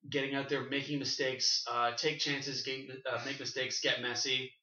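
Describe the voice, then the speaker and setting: Bright-voiced Canadian man in a roomy room. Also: mid-range voice, little pitch movement, normal speed. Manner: rambling, enthusiastic, many fillers and restarts. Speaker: podcast co-host. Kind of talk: casual panel chat. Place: shared room. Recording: roomy, distant, dull lo-fi sound.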